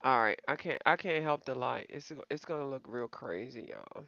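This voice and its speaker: A woman's voice: extremely low pitch, animated, moderate pace, vocal fry, a bit bright, no room sound. A woman hosting a casual live-stream and chatting to viewers. She rambles, calls them y'all and pokes fun at herself. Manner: self-deprecating. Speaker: coloring channel host. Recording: slightly dull, dry home recording.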